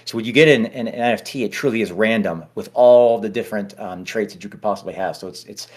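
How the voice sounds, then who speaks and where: Low-voiced chatty man hosting an AMA. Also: fast talker, a little mellow. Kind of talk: casual AMA livestream chat.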